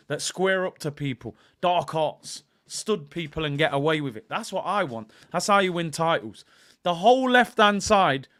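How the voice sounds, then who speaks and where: A man hosting a live fan stream, ranting in an animated, outspoken way and now and then breaking into song. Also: on the high side. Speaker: fan channel host.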